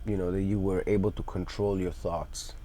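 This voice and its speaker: A man's voice: low voice, level tone, normal speed, mellow, slight background noise. A man hosting a podcast, talking in an easygoing, encouraging way. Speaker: podcast host. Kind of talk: casual chat.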